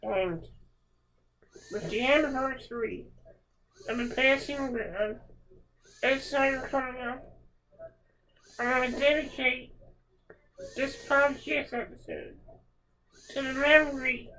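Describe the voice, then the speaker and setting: A woman's voice: high-pitched, takes it slowly, pauses often, pushed and bright, slight background noise, rough recording. A woman hosting a podcast, talking in an emotional, heartfelt way and repeating words for emphasis. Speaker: podcast host. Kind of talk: reflective podcast monologue.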